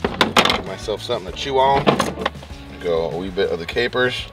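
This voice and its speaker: A man's voice: low voice, moderate pace, distant mic, low-quality recording. Chatty man cooking outdoors, music behind. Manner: relaxed, chatty, explains as he cooks. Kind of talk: casual cooking narration. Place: outdoors at a campsite.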